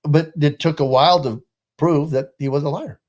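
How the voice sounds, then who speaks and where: A man's voice: on the high side, normal speed, a little mellow, muffled recording. A man hosting a casual political talk show, rambling with lots of fillers and restarts.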